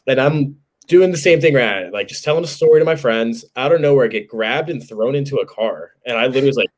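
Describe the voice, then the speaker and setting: A man in his twenties from New Jersey, with a mid-range voice and a fast delivery. As a podcast co-host he tells an animated, joking anecdote, swearing casually throughout.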